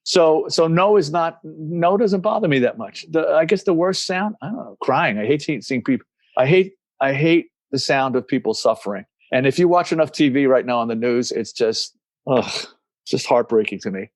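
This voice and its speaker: A man's voice: fairly high pitch, normal speed, no echo. Rambling older man telling stories. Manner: rambling, animated, acts out voices in anecdotes. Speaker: guest, musician and recovery coach. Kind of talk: casual interview storytelling.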